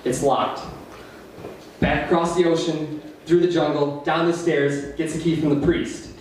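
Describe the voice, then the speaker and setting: Rambling open-mic comic in an echoey room. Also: male voice, fairly high pitch, level tone, unhurried, darkish tone. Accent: Upper Midwest American. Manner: rambling, self-deprecating joke telling with nervous laughs. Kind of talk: stand-up comedy. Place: small cafe stage. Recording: very echoey room, distant mic, faint hiss.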